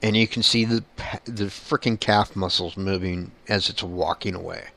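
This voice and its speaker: A man's voice: low-pitched, fairly even intonation, normal speed, vocal fry, pushed and bright. A man who is a paranormal investigator, talking bluntly in a casual monologue and swearing casually.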